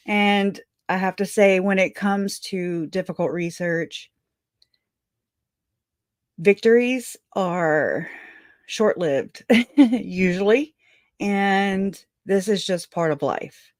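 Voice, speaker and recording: A woman hosting a livestream, angry and profane, with halting restarts and frequent laughs. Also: medium pitch, no room sound, clean studio sound. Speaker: livestream host.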